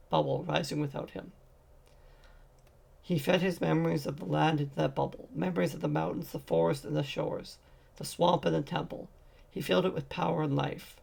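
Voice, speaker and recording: A man's voice: on the high side, creaky, husky. A man narrating a fantasy short story as a fan audiobook, reading steadily with occasional slips.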